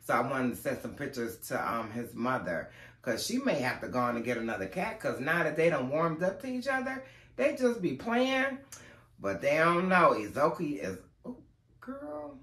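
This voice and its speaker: A man's voice: medium pitch, big pitch swings, moderate pace, pushed and bright, echoey room. A man chatting casually to camera at home as a lifestyle vlogger, rambling from one story to the next.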